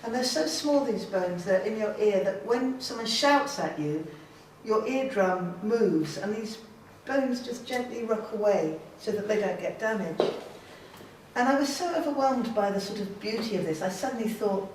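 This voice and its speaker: A woman's voice: mid-range voice, expressive, moderate pace, a little mellow, recorded from a distance, a little hiss or hum. A woman artist giving an informal, enthusiastic gallery talk to an audience, chatty and self-deprecating. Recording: very echoey room, voice from afar.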